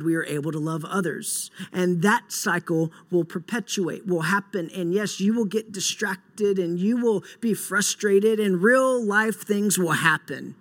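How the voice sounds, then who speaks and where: A young man preaching a sermon earnestly, moving between soft, slow passages and loud, emphatic bursts. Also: sits high. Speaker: pastor.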